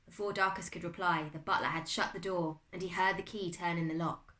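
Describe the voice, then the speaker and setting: A British woman teacher reading a chapter book aloud to her class, expressive and dramatic. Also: fairly low pitch, a little fast, hardly any pauses. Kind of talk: storybook read-aloud. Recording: echoey room.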